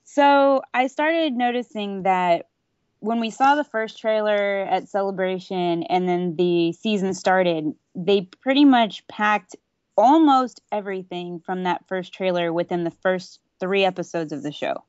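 A woman's voice: mid-range voice, unhurried, darkish tone, clear, resonant tone, dry recording. A woman co-hosting a casual podcast chat, earnest and opinionated, explaining her views at length. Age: adult. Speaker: podcast co-host. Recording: slightly dull dry audio.

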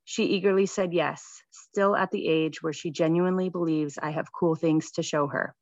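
A woman in her thirties gently reading her own reflective personal essay about motherhood. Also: low voice, fairly even intonation, normal speed, no room sound. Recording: dull lo-fi sound.

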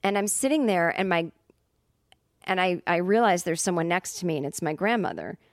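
A woman's voice: on the low side, very animated, normal speed, no echo, studio quality. A woman comedian telling a story as a podcast guest, casual and rambling, full of fillers and restarts. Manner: rambling, many fillers and self-corrections.

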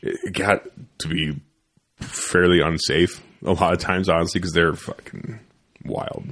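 Podcast host, young man, deep low voice, loose profane storyteller, studio chat. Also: fairly even intonation, measured pace, fairly bright tone.

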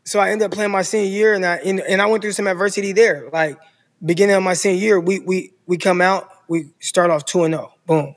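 A man's voice: high voice, a little fast, in a large hall. A man in his thirties from California, telling his own football story in casual podcast talk and acting out the people in it. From Stockton, California. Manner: animated storyteller who acts out coaches' voices. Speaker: podcast guest, former football player.

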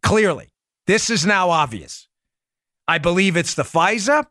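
A man hosts a political commentary show, pressing his points with emphatic rhetorical questions and checking in with his co-host. His voice sits fairly high for a man. The sound is dry and close, with no room echo. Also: lively intonation, unhurried, pushed and bright. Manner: talks to his co-host by name. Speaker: podcast host.

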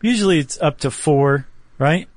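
A man's voice: fairly high pitch, moderate pace, dry recording. Dry-sounding man explaining things casually. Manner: explains step by step with restarts, jokey asides. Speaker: podcast co-host. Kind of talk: casual educational chat.

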